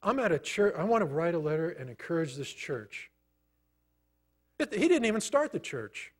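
A man's voice: fairly high pitch, big pitch swings, slightly rough. Man preaching a personal testimony sermon. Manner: storytelling, conversational, pausing often. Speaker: pastor.

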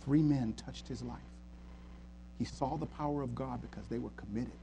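A man preaching a sermon, swinging from quiet earnest talk to loud, fervent retelling of scripture. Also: medium pitch, normal speed, background noise. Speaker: pastor.

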